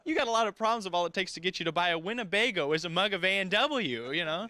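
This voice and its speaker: A young man doing a stand-up comedy set, animated and quick to jump into character voices. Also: high voice.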